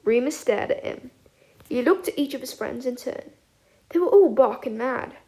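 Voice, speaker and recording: A woman reading a fan audiobook aloud with expressive storytelling. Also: sits high, normal speed. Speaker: audiobook reader.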